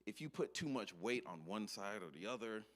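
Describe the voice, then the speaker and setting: A man giving a short, earnest sermon, talking as if to a friend. His voice is low but moves a lot in pitch, and he often drops in a casual "you know". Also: lively intonation, brisk. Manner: conversational, earnest, fond of filler "you know". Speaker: speaker, preacher.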